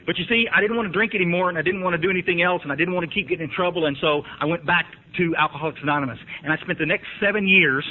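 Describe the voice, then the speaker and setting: Fast-talking man, tinny old tape. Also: high voice, a little hiss or hum. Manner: folksy, emphatic storytelling, asks the room. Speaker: recovery speaker. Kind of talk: recovery meeting talk.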